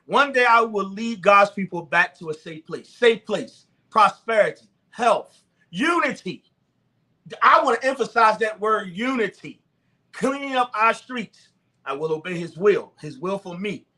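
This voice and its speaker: High voiced preacher guy, fervent and repetitive, bright tone. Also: lively intonation, moderate pace. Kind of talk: sermon-style talk to the camera.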